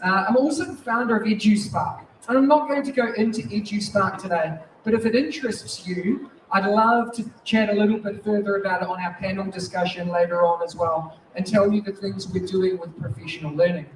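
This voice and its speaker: A man in his forties with a New Zealand accent and a notably high voice gives a restless, energetic keynote to a conference audience. He sounds distant from the mic, and the large hall rings with echo behind him. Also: fairly quick, few pauses. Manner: lively, restless, moves around while talking. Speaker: keynote speaker. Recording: echoey hall, distant mic, faint noise.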